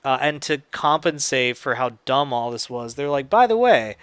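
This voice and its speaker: A man's voice: medium pitch, steady tone, normal speed, bright, forceful tone, clear, resonant tone, dry recording. Rambling man telling a story while gaming. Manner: rambling, filler-heavy storytelling with quoted dialogue. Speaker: gaming video host. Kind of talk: casual storytelling while playing a game.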